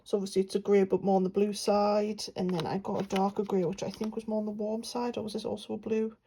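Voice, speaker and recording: A woman's voice: mid-range voice, little pitch movement, fast talker, creaky, dark tone, slight background noise, poor audio. A young woman from England chatting casually about her paints, rambling with lots of fillers. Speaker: art vlogger. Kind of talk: casual chat while swatching paints.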